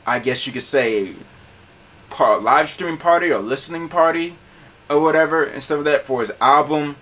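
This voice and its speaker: Male podcast host, casual and animated, bright voice. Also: medium pitch. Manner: animated, laughs often, repeats words.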